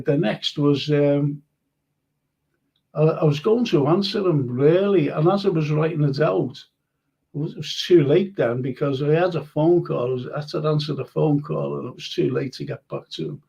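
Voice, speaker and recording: Chatty older Liverpool man, gravelly. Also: fairly high pitch, a little mellow, low-quality recording. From Liverpool, England. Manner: chatty and rambling, reads out comments, laughs easily. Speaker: host of online history and chat show. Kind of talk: casual live-stream chat reading viewer comments.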